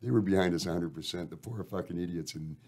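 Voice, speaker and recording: A man's voice: low voice, fast, dark tone. A Canadian man, a band member guest on a radio show, telling long rambling stories with lots of swearing and "eh". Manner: rambling, profane, uses "eh". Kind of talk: casual storytelling interview.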